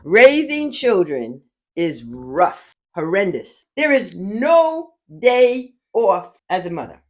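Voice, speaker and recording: An older woman, a grandmother appearing as a podcast guest, chats casually at home with a mid-range voice at a slow pace. She's a lively, boastful storyteller, spinning funny tales and laughing often.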